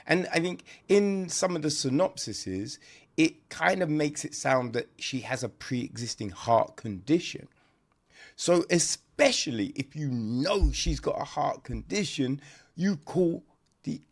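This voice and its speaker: Guy rambling through a movie review on his podcast, slow talker, voice jumps up and down a lot, keeps saying right? and swears. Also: a little high, creaky. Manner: rambling, conversational, peppered with "right?" and "you know"; blunt, swears for emphasis. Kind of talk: casual podcast chat.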